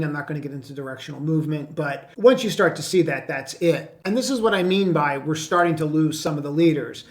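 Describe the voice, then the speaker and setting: A man coaching on stock trading while walking through charts, talking bluntly and conversationally with frequent restarts. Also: on the high side. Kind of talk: screen-share market commentary.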